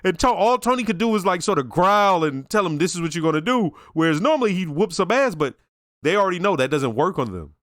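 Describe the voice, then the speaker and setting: A man giving casual reaction commentary on a TV episode, talking in a slangy, reflective, animated way. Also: high-pitched, fairly quick, no echo, studio quality. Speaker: show reaction reviewer.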